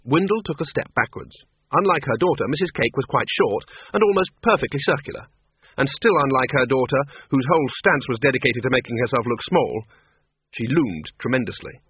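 A man's voice: medium pitch, expressive, brisk, breathy edge, no echo. A man narrating a story with dry, wry timing. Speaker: audiobook narrator. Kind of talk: scripted narration. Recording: tinny radio broadcast.

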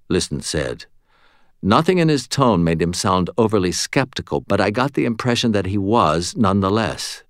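A man narrating first-person fiction as an audiobook reader, in an expressive storytelling manner. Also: deep voice, moderate pace, dry recording, studio quality.

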